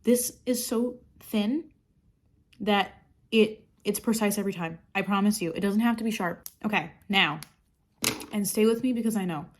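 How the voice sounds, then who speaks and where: A woman's voice: mid-range voice, normal speed. A woman chatting casually through her makeup routine, rambling and sarcastic, swearing freely. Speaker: makeup vlogger. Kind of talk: casual get-ready-with-me chat.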